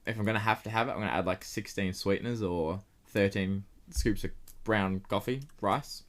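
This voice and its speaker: A man's voice: fairly low pitch, moderate pace. A young man co-hosting a podcast, chatting casually with dry, teasing humor. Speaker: podcast co-host. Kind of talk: casual chat.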